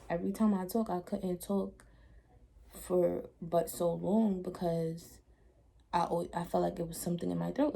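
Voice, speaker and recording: A young woman telling a casual storytime to her camera, blunt and animated, with slangy asides. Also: lowish voice, gravelly, slight background noise. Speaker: vlogger.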